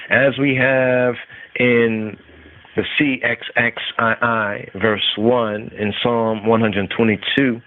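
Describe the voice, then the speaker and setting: A man teaching scripture on a podcast, slowly repeating and chanting Hebrew words. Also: medium pitch. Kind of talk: slow devotional scripture teaching. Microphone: phone line. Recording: tinny phone-line call-in radio.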